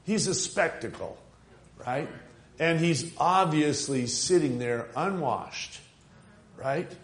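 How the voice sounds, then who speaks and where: A man's voice: fairly high pitch, animated, slow pace. A man preaching a sermon, retelling a Bible story in a conversational way with frequent fillers and rhetorical questions to the congregation. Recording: echoey room.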